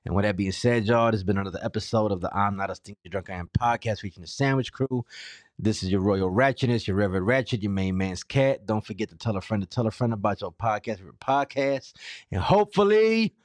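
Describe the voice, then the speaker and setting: Fairly low and quick, the man's voice comes through with no room sound. On his solo podcast he grumbles profanely and loosely about his sore mouth, alternating quiet muttering with loud outbursts in a casual rant.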